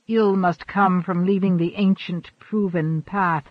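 A man reading the part of a stern old shaman in an audiobook, speaking gravely and in a measured way. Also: fairly even intonation, no room sound. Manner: measured, grave, low-spoken. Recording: dull, dry recording.

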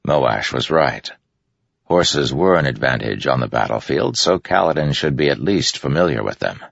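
A man narrating a story in an expressive, scripted storytelling delivery. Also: very deep voice, moderate pace, gravelly, no echo. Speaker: audiobook narrator. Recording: dry, dull lo-fi sound.

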